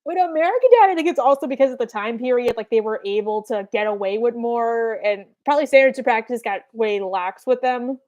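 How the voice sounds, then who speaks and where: A woman's voice: on the high side, a little mellow. A young woman chatting casually with fans in a live Q&A, rambling with lots of fillers. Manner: rambling, filler-heavy, quick quoted asides. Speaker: streamer answering fan questions.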